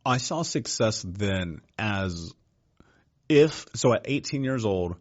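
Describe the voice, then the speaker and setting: A man's voice: on the low side, lively intonation, takes it slowly, dull audio. A man as a podcast guest, telling his life story in a blunt, casual way with frequent swearing and "dude.". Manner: blunt, profane, says "dude" often.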